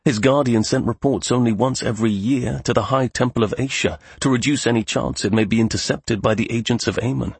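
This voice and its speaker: A man narrating a fantasy story at a steady, measured pace. His voice is very husky with a gravelly rasp, recorded close and dry. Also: mid-range voice, no room sound. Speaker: audiobook narrator.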